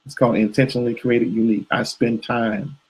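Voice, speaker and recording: A man's voice: medium pitch, little pitch movement, fairly quick, a little mellow, husky, low-quality recording. A man co-hosting a live couples show, talking casually and rambling with fillers and restarts. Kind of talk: live video chat with viewers.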